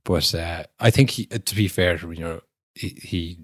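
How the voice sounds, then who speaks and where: A man's voice: deep voice, normal speed, a bit bright, dry recording, clean studio sound. A young adult man co-hosting a football podcast, telling the story animatedly and acting out the people in it. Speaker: podcast co-host. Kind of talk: casual football chat.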